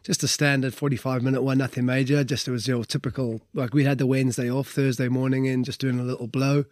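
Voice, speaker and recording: A man's voice: mid-range voice, level tone, quick pace, darkish tone, no room sound, studio quality. A middle-aged Welsh man and former rugby player telling his story in a casual interview, chatty and full of fillers. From Wales. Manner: conversational, lots of fillers and "like".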